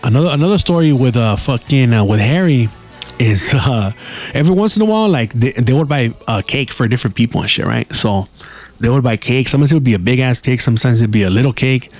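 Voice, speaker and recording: A man's voice: medium pitch, lively intonation, fast, darkish tone, faint music behind. A man hosting a podcast, telling rambling stories with heavy swearing and laid-back slang. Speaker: podcast host. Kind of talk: casual storytelling.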